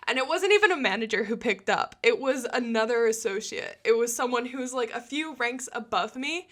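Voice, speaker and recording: A young woman with a high, bright voice chats through a storytime tale. She says "like" constantly and laughs easily as she talks. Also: animated, a little fast. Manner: chatty, peppered with "like", laughs often. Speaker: storytime vlogger. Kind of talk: casual storytime.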